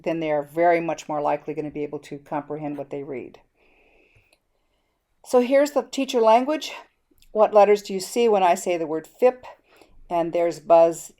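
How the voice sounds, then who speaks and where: A woman's voice: low-pitched, mellow. A middle-aged woman giving a teaching presentation, explaining steps and acting out the prompts she gives students. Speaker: educator presenting a reading method.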